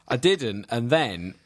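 A man's voice: mid-range voice, husky. A man, co-hosting a podcast and bantering with teasing asides. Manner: teasing, laughs often. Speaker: podcast co-host. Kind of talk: casual banter.

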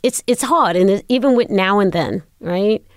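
A woman's voice: medium pitch, expressive, moderate pace, dry recording, clean studio sound. A middle-aged woman being interviewed, in casual chat, telling stories and acting out the exchanges she recalls. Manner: storytelling, acting out quoted exchanges. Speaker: guest.

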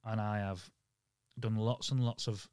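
A man's voice: lowish voice, little pitch movement, a little slow, darkish tone, clear, resonant tone, no echo, studio quality. A man with a Yorkshire accent, a podcast guest telling stories in casual conversation, blunt and sweary.

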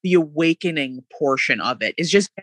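A woman in casual podcast chat about mindset, emphatic and animated, often acting out quoted voices. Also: sits low, moderate pace, dry recording.

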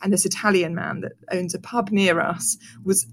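A woman in her forties hosting an interview, talking in a slow, thoughtful, musing way. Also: lowish voice, fairly even intonation, slight background noise. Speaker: host. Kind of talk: conversational interview.

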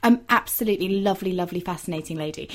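A woman from the United Kingdom interviewing a guest in a chatty, animated way. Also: lowish voice, racing.

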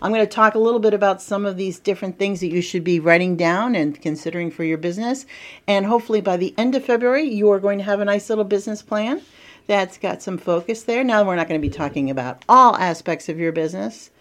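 A middle-aged woman teaching a casual business lesson as a marketing coach and podcast host, chatty and lively, with playful asides. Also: medium pitch, fast talker.

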